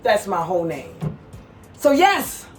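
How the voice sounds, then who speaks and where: A woman's voice: medium pitch, sing-song, takes it slowly, recorded from a distance, soft background music. Woman with a mixed Brooklyn-Southern accent. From New York. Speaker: fashion collector showing her pieces. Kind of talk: casual chat on camera. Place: home kitchen.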